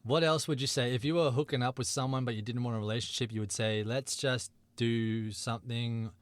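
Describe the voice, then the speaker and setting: A man running a movie quiz on a chatty podcast, reading clues with a playful lilt. His voice sits at an ordinary middle pitch. The sound is dry and close, with no room echo. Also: fairly even intonation, a little fast, clear, resonant tone. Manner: playful, reads clues and synopses aloud. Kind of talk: casual banter podcast.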